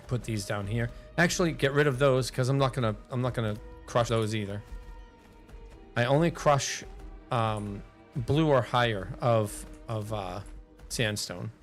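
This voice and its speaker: A male game streamer at a medium pitch talks in a loose, rambling way, half to himself and half to his viewers. Faint music plays behind him. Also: unhurried, long pauses. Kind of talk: casual thinking aloud while gaming.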